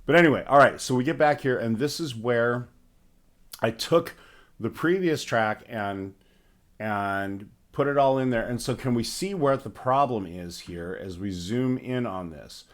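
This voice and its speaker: A man hosting a casual livestream music tutorial, his voice hoarse from phlegm, thinking aloud and narrating each step of his work with small restarts. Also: medium pitch, measured pace. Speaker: livestream host.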